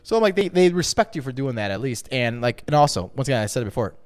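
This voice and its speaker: A man co-hosting a podcast in casual chat, rambling and swearing freely in an animated way. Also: medium pitch. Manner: rapid, animated, profane rambling. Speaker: podcast co-host.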